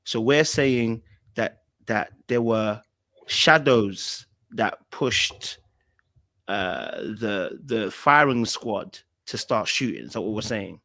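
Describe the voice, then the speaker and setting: A man hosting a podcast interview, asking pointed questions and restating the answers to make them clear. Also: fairly low pitch, expressive, takes it slowly, bright, forceful tone. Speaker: podcast host.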